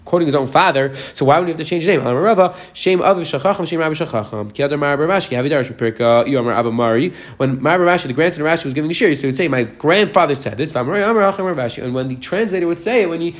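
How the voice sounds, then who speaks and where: Man, Talmud lesson, very fast talker, somewhat high voice. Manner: reads Aramaic text then explains in English, rapid. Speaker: Talmud teacher. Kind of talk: daily Talmud page lesson.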